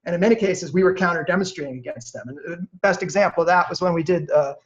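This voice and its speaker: A man guest on a podcast, telling animated stories in a chatty way, full of fillers and restarts. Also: high-pitched, quick pace. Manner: lively, acts out quoted voices. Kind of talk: animated storytelling. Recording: dull lo-fi audio.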